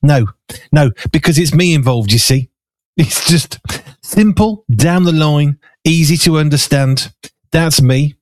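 A man's voice: a little high, a little slow, dry recording. A middle-aged man with a Black Country accent, hosting a radio show with rambling, self-mocking chat between songs. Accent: Black Country English. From Black Country, England.

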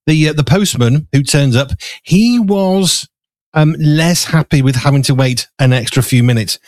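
A man's voice: a little high, moderate pace, no echo. A man hosting a live studio chat show, rambling with fillers while eating and a bit out of breath. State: slightly out of breath. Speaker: show host. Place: small studio.

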